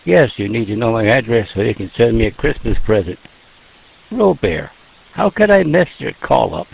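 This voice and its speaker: A man's voice: mid-range voice, animated, vocal fry, husky, narrow, tinny audio. A man running an amateur radio net, chatting in a folksy, joking way over a radio transmission. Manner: folksy, joking, slow and drawn out. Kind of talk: casual radio net chat.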